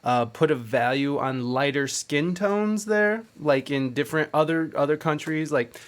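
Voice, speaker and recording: A man's voice: fairly high pitch, lively intonation, unhurried. Blunt, rambling man host. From Mexico, half Mexican heritage. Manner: blunt, swearing, loose and rambling. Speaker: podcast host. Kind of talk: casual interview chat.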